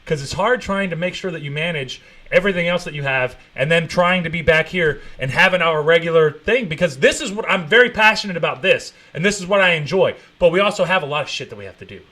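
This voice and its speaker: A man streams his reaction into a desk mic, talking casually and swearing freely. His voice sits high and bright, and he drifts from muttering into mocking, shouted bursts. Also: expressive, fast talker, few pauses. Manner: profane, mocking, with sudden loud outbursts. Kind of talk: live-stream reaction commentary.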